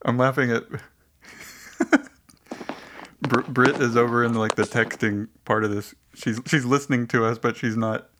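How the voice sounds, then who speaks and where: A man's voice: mid-range voice, fairly even intonation, measured pace, long pauses, noisy background. A man hosting a casual online voice chat, rambling with many hesitations. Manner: rambling, hesitant, lots of restarts and likes. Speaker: podcast host.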